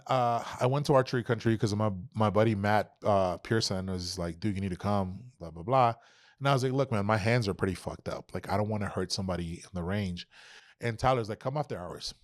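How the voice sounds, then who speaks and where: Man, low voice, dry close sound, animated storytelling, swears a lot, acts out dialogue. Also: dry recording. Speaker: podcast guest. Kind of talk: casual storytelling.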